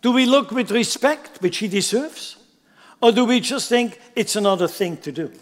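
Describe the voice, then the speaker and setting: A man preaching a sermon, swinging from loud emphatic bursts down to near-whispers. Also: sits high, lively intonation, normal speed, in a large hall. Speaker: pastor.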